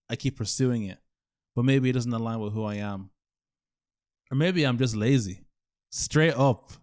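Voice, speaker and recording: A man's voice: on the low side, a little mellow. Reflective young man rambling to himself. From Ireland. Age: 20s. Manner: rambling, thinking aloud, self-questioning. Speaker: YouTuber. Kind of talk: solo reflective talk over gameplay.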